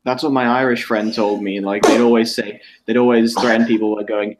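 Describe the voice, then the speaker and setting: A man in casual chat on a live stream who fires off quick jokes and talks over the others. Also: on the low side, little pitch movement, slight background noise.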